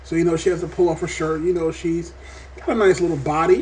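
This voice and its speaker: A man reviewing a TV episode in a casual vlog, talking in an animated, rambling way and swearing often. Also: fairly high pitch, fast talker, slight background noise. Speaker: TV show reviewer.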